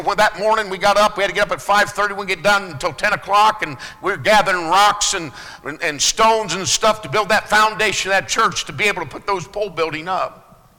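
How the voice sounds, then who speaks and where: Man, pastor preaching, high voice, piercing bright tone, loud then hushed, long hall reverb. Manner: swings between loud preaching and hushed low asides. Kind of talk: sermon.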